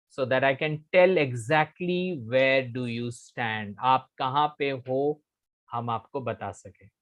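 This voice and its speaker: In a mid-range voice, a middle-aged man with an Indian English accent teaches communication skills in a live online session. He drills his main phrases through repetition, now and then switching into Hindi.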